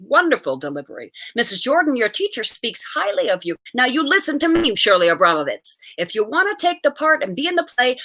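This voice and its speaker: A woman puts on a middle-aged male schoolteacher who is theatrical and strict. He barks orders briskly and leans into every word with a lively, swooping delivery and a bright edge. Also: a little high, full character voice. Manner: brisk, commanding, dramatic.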